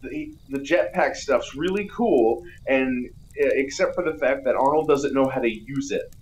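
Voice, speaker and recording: A man in easy, casual podcast chat, recapping a film scene by scene with jokes and goofy bits. His voice sits at a middle pitch. A faint hiss lies under the recording. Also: normal speed, poor audio. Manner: joking, retells scenes with silly put-on voices. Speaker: podcast co-host. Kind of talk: casual movie review chat.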